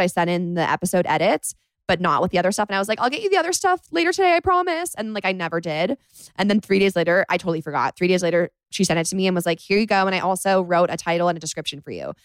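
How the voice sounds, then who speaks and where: Young female podcast host, confiding and casual, lower-pitched voice, dry close mic. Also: smooth, dry recording. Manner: chatty, confiding, says "like" often. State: emotional after crying. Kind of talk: casual solo podcast talk. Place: bedroom.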